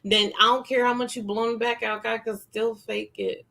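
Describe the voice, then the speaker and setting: A woman's voice: on the high side, little pitch movement, normal speed, gravelly, pushed and bright. A woman co-hosting a casual podcast chat, playful and emphatic, teasing her co-host.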